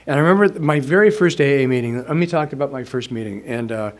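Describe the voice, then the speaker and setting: A man's voice: medium pitch, lively intonation, fast. Brief: man, 60s, speaker at a recovery meeting, loose rambling storyteller, mid-range voice. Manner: casual, rambling, chuckles while telling. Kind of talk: personal storytelling testimony.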